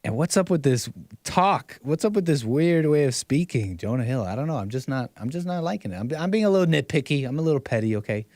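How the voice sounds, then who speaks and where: A man's voice: mid-range voice, animated, quick pace, darkish tone, dry recording, clean studio sound. A man hosting casual online commentary, mocking and rambling, repeating himself and chuckling often.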